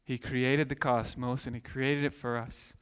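A man in his thirties, a pastor preaching a sermon with animated storytelling, acting out voices. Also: medium pitch, unhurried, smooth. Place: church sanctuary. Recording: long hall reverb.

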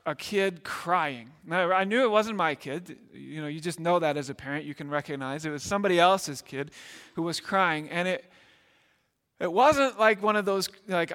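A pastor from Milwaukee, United States, preaches a storytelling sermon in an earnest, conversational way, often repeating words. His voice is high and a bit bright, and the recording has long hall reverb.

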